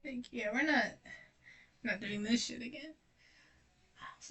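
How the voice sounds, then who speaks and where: A woman's voice: on the high side, slow, pauses often, sharp tone. A young woman streamer chatting casually while she paints, rambling, self-deprecating and swearing freely. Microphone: distant mic. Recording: voice distant from the mic.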